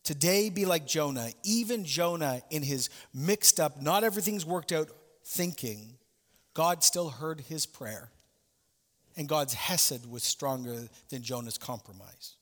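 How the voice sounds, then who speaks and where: A man's voice: fairly high pitch, animated, a little slow, big-room sound. A male pastor preaching a sermon, telling a story with asides and direct questions to his listeners.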